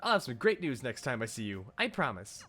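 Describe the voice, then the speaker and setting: A man voicing an eager, earnest young female athlete who talks in a bright, determined way while reading game dialogue. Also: mid-range voice, sing-song, brisk, faint music behind.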